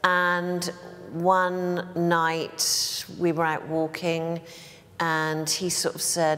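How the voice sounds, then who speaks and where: A woman's voice: fairly low pitch, completely flat delivery, drawn-out words, fairly bright tone. Chatty older woman in a reverberant hall. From Bristol, England. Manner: chatty storyteller, many fillers and restarts. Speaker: make-up artist, guest. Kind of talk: casual anecdotal interview talk.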